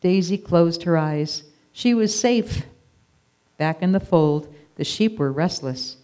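A storyteller reading a children's story aloud in an expressive read-aloud manner. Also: mid-range voice, slow.

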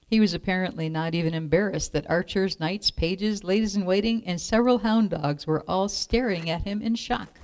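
A woman reading a children's storybook aloud in a clear, expressive way. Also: lowish voice, moderate pace, hardly any pauses.

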